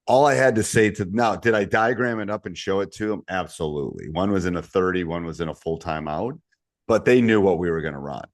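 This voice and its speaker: Podcast co-host, male, very deep voice, dry close sound, easygoing coach telling game stories. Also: fairly quick, no room sound. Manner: relaxed, storytelling, drops to low asides. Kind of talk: casual podcast chat.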